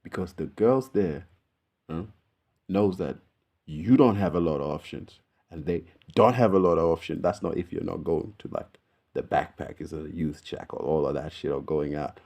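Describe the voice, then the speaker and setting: Deep, rambling guy. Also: normal speed, gravelly, darkish tone. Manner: rambling, keeps saying "bro". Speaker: vlogger. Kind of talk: casual chat to camera.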